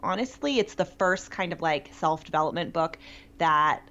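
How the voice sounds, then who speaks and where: Chatty woman, low voice, dull sound. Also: animated, moderate pace, fairly bright tone. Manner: chatty, enthusiastic, many fillers. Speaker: podcast co-host. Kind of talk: casual chat. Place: New York.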